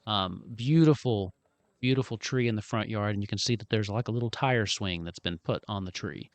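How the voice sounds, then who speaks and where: Relaxed male game master narrating. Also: on the low side, brisk, dry recording. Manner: relaxed, rambling descriptions with fillers.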